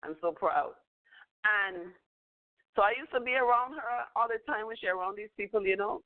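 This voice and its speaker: A woman's voice: mid-range voice, moderate pace. Older woman, rambling storyteller with a chuckle; phone-quality audio. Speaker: spiritual teacher. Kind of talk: casual teaching talk. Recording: tinny phone-line audio.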